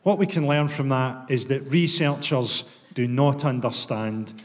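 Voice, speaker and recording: A Scottish man with a Glaswegian accent doing a stand-up comedy set, deadpan and profane, with sudden bursts of mock outrage. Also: mid-range voice, unhurried. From Scotland. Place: comedy venue with audience laughter. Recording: long hall reverb, clear ambient noise.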